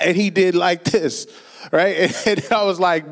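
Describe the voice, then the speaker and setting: A man's voice: high-pitched, steady tone, normal speed. A man preaching a sermon in a conversational way, telling stories and quoting people with a laugh now and then. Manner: conversational storytelling with laughs and acted quotes. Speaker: pastor.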